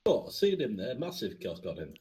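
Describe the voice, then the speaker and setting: Deep-voiced, crude male player. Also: wildly swooping pitch, brisk, warm tone, husky. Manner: crude, swearing jokes. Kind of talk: casual chat at a tabletop game.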